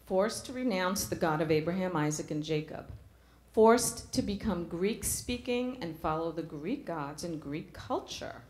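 A woman's voice: lowish voice, lively intonation, a little slow, a little mellow, echoey room. A middle-aged woman preaching a sermon in a church, earnest, asking the congregation questions.

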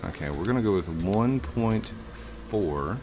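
A man's voice: a little slow, noisy background. A man hosting a casual gameplay session, joking, laughing and humming along. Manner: playful, laughs often, hums and sings along; excitable, pitch jumps high when alarmed. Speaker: gaming channel host.

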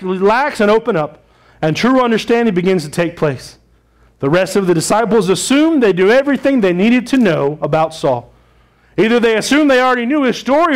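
A man with a fairly high voice preaching a sermon to his congregation. He speaks as their pastor, in a conversational way, and often puts questions to the room.

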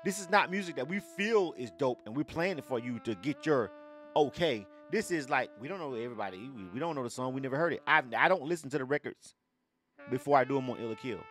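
Profane, ranting male radio host. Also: medium pitch. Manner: loose, profane, ranting to live viewers. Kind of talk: casual livestream radio talk.

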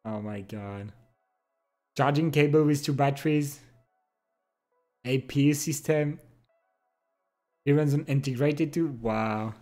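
A young man chatting casually with his stream chat, relaxed and giggly. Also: medium pitch, slow, long pauses, soft background music. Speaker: livestreamer. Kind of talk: casual chat reading and answering viewer chat.

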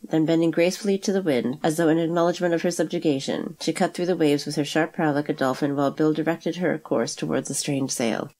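A woman reads a classic adventure novel aloud as the narrator. Her voice is low and she moves through the text at a quick, steady pace. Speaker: audiobook narrator.

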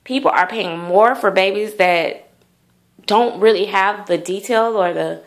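A woman's voice: mid-range voice, unhurried. A woman vlogger chatting casually to the camera in a rambling way, full of fillers. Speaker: doll collector vlogger.

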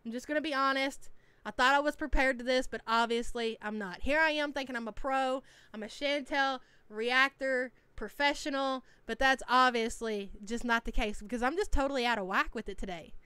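Woman streamer, high-ish smooth voice, dry close mic, teasing chatty reactor. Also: fairly quick, sharp tone, no echo. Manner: chatty, teasing, reads chat names aloud. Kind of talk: casual live-stream reaction.

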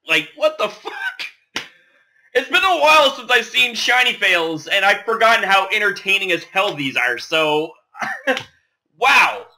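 A man hosting a reaction video, talking in an excitable, rambling way and swearing freely. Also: high voice. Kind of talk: casual reaction commentary.

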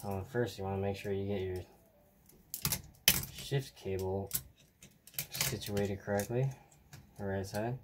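A weary hobbyist shows a model truck build at his workbench, talking to himself in a rambling tutorial that often trails off. He speaks in a low voice at a measured pace, pausing often, over clear, steady background noise.

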